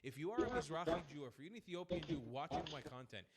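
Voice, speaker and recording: A man's voice: a little high, big pitch swings, rapid-fire, a loud crowd. A man delivering a heated, profane political rant straight to his viewers, openly angry and pleading with them to get involved. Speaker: online commentator.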